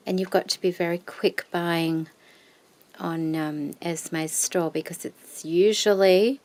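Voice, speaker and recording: Slow, gravelly-voiced woman gushing softly. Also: fairly low pitch, steady tone. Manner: gushing and admiring, often sinking to a soft whisper. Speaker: craft vlogger. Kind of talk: casual show-and-tell haul.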